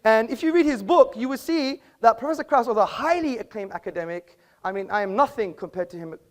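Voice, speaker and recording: A man's voice: very high-pitched, animated, fairly quick. A man giving a formal debate speech in an auditorium, lecturing and argumentative, with rhetorical questions.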